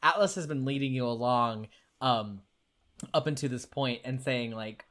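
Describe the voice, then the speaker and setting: A man co-hosting a casual podcast, a lively storyteller who laughs as he recaps scenes. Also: medium pitch, normal speed. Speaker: podcast co-host.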